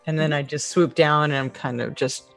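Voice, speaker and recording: A woman playing a tabletop game, calmly and slowly stating what her character does. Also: low-pitched, vocal fry, soft background music. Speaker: player. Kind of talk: tabletop role-play.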